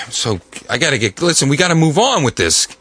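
Animated, bright-voiced podcast host man. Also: on the high side, moderate pace, breathy edge. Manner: animated, enthusiastic. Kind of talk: casual podcast talk. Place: podcast studio.

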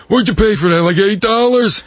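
A man voicing a high-pitched, wisecracking male sidekick who needles the host in a podcast studio. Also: a little fast, dry recording, natural voice. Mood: teasing. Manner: teasing, needling.

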